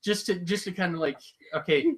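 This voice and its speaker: Male podcast co-host, casual chat, animated storyteller, acts out quotes. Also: mid-range voice, fairly quick, over a noisy crowd, poor audio. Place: small room, live podcast.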